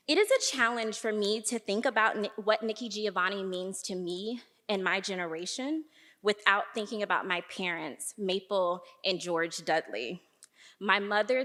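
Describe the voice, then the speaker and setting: Young woman, archivist, warm admiring intro, mid pitch, reverberant hall. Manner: warm, admiring, with light laughs. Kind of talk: personal introduction speech. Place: large performing arts hall.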